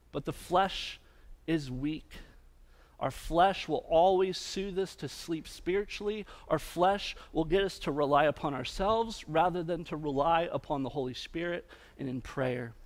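A man preaching a sermon as a pastor, using repeated refrains and swinging between loud emphatic lines and hushed quiet ones. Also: a little high.

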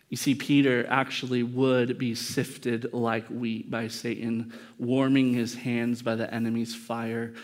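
A man's voice: medium pitch, flat delivery, slow. Man preaching a conversational sermon. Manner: conversational preaching, acts out quoted lines in dialogue. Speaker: pastor.

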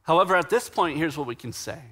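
A man preaching a sermon in a conversational way, slowing down for emphasis and acting out the quoted dialogue. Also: fairly high pitch, expressive, pushed and bright. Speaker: pastor.

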